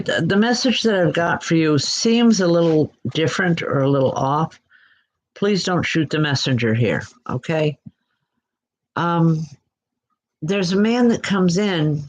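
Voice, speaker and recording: A woman giving live online psychic readings in a gentle, reassuring way, often pausing and restarting her sentences. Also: on the low side, poor audio. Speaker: psychic medium. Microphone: computer mic.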